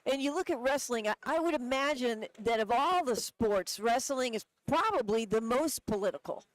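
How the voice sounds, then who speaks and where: A man's voice: very high voice, lively intonation, normal speed, fairly bright tone, no room sound, poor audio. A man hosting a radio interview, asking questions in a conversational way. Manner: conversational, thinking aloud. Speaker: radio host.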